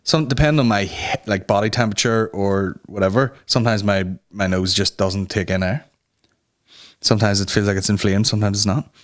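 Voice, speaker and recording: A man's voice: fairly low pitch, steady tone, brisk. Man, podcast host, sarcastic, swears a lot, casual chat. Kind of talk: casual comedy banter.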